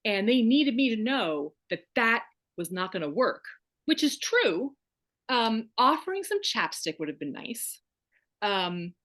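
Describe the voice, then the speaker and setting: A woman's voice: medium pitch, fairly bright tone. A woman guest on a podcast, telling her own story in an emphatic, wry, candid way. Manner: emphatic, wry, acts out quoted voices.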